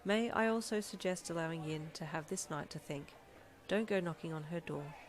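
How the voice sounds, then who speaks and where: A woman reading a fanfiction audiobook, voicing a kind, cheeky young man who speaks softly in a relaxed, teasing way. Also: low voice, normal speed, natural voice. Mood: gentle, wry. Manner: relaxed, gently teasing, soft-spoken.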